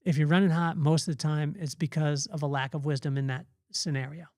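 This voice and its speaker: A man with a somewhat high voice, recorded dry and close with no room sound. He gives a casual devotional talk as a podcast host. He is earnest and rambling, repeating phrases as he goes. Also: steady tone, brisk, a little mellow, no room sound.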